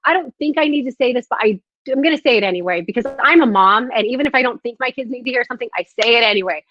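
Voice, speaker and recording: A woman in her thirties talking earnestly to followers on a live stream, nervous and halting with restarts. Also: a little high, no echo, dull audio. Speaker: social media host.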